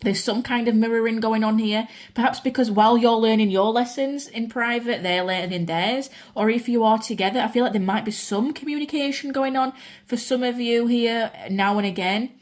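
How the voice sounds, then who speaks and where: A woman from the UK giving a chatty, excitable pick-a-card tarot reading, talking straight to viewers. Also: on the high side, normal speed. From United Kingdom. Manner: chatty and excitable, swears casually, addresses viewers as guys. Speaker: tarot reader.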